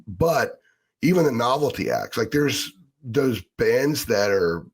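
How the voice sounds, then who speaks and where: A man's voice: mid-range voice, animated, slow, slightly rough. A middle-aged man co-hosting a casual sports podcast, talking with wry, nostalgic, grumbling humor. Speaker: sports reporter and co-host.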